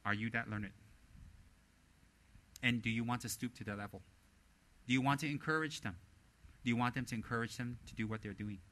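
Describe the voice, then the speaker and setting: A man giving a dharma teaching as a Buddhist teacher, animated and blunt, often slipping into mimicry of other people. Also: mid-range voice, brisk, long pauses.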